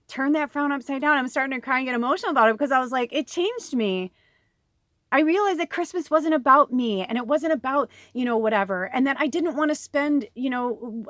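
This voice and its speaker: Recorded in an RV, this woman, a forties-aged tarot reader from Chicago, casually tells her viewers a personal story, emotional, meandering and full of swearing. Her voice is fairly high, and the sound is clean studio audio without room echo.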